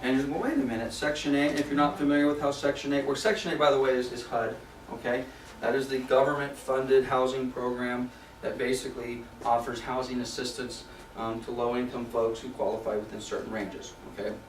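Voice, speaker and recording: A man's voice: medium pitch, level tone, a little fast, hardly any pauses. Man, property management trainer, conversational, stresses key points, distant mic, echoey meeting room, faint hum. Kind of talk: recorded training class for agents.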